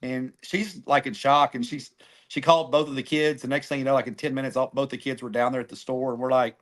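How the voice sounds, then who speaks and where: A middle-aged man, a barbecue cook telling a story on a podcast in a casual, animated way, acting out phone calls. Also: mid-range voice, fast talker. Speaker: guest, barbecue team cook.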